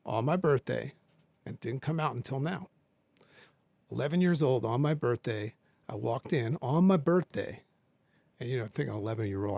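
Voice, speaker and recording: A man with a rough, gravelly voice at a middling pitch, talking as a podcast guest. He tells a personal story in earnest and repeats his key lines to drive them home. The sound is close and dry. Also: darkish tone, dry recording.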